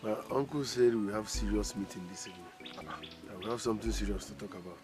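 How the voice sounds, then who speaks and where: An actor with a Nigerian accent playing a calm, dismissive young village man. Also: lowish voice, a little fast, lightly acted. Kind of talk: film acting. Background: music.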